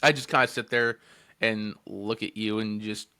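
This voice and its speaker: A man's voice: fairly low pitch, steady tone, moderate pace, sharp tone, clean tone. A man in his twenties co-hosting a podcast, telling a story casually, swearing freely, laughing often and leaning on fillers. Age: 20s. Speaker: podcast co-host.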